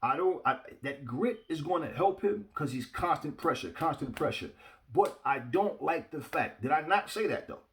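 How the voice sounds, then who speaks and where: A man's voice: fairly high pitch, animated, normal speed, a bit bright. A man giving casual boxing opinions to his viewers, blunt and emphatic, often repeating himself and speaking to the audience directly. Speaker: boxing commentator.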